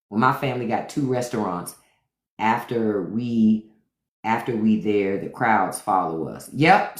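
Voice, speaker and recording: Lively man riffing on a livestream. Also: mid-range voice, reverberant. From Washington, D.C. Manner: animated, profane riffing. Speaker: podcast host. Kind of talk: casual livestream chat.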